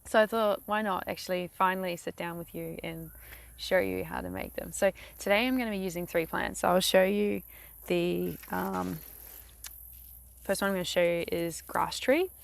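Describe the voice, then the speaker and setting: A young woman with a New Zealand accent talks through a casual how-to vlog, rambling and full of fillers. Her voice sits fairly low and has a gravelly edge. She is recorded outdoors beside a lake. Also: fairly even intonation, moderate pace. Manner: rambling, chatty, many fillers. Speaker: craft vlogger.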